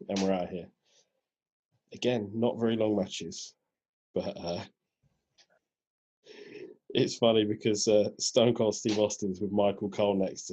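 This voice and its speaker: A man co-hosting a podcast, recapping events in a laid-back, casual way with a husky voice. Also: lowish voice, mellow. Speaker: podcast co-host. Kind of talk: casual chat. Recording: dull lo-fi podcast audio.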